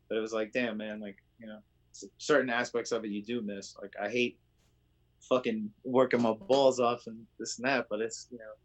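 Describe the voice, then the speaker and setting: A man's voice: medium pitch, steady tone, normal speed. A man co-hosting a casual podcast, laid-back and profane, laughing often as he talks. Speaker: podcast co-host. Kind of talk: casual chat.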